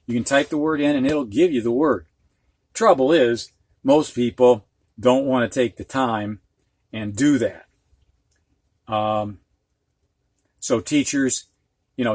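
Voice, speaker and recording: Slow, patient male reading teacher. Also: medium pitch, a little mellow, no room sound. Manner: slow, patient, spells out syllables and gives example sentences. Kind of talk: recorded reading lesson.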